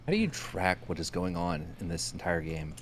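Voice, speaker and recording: A man chatting on a stream call, animated and self-mocking. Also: low-pitched, moderate pace, slight background noise. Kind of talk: casual chat on a voice call.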